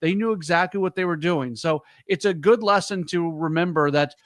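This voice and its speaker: A man hosting a sports talk show, laying out reporting in a measured, agreeable way. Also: on the high side, a bit bright, dry recording, clean studio sound. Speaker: sports radio host.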